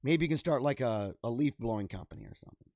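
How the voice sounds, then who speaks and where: A man's voice: mid-range voice, lively intonation, fast talker, a little mellow, no echo, studio quality. Laughing man riffing on odd news. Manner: laughing, rambling, talks straight to viewers. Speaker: podcast host. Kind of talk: casual commentary reading news stories.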